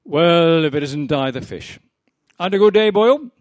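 A man putting on a friendly barman who greets regulars in a high, bright voice. He has a teasing manner, and the sound is dry and close. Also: expressive, unhurried, no echo.

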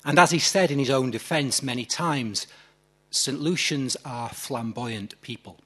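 A man talks through poetry in a slow, deliberate commentary, pausing over quoted lines. His voice has a slightly husky edge. He sits at an ordinary middle pitch. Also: fairly bright tone. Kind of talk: measured spoken commentary on poetry.

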